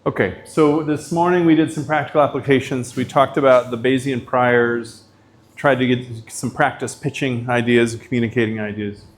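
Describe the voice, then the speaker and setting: A man's voice: mid-range voice, steady tone, normal speed. A middle-aged man, a professor, giving a lecture in a casual, chatty way, full of likes and you-knows.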